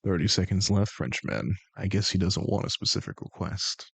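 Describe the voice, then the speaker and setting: A man's voice: low-pitched, normal speed, gravelly, fairly bright tone, slightly rough, no echo. A young man streaming and bantering with his chat, joking and sarcastic. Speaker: streamer and game master.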